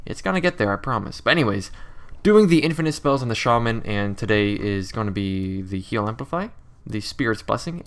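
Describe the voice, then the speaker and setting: A man's voice: mid-range voice, a bit bright. A young man with a nasal, irritated-throat voice, talking casually as he programs his game, thinking aloud and correcting himself. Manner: rambling, self-correcting, thinks aloud while typing. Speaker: game developer. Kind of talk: casual coding commentary.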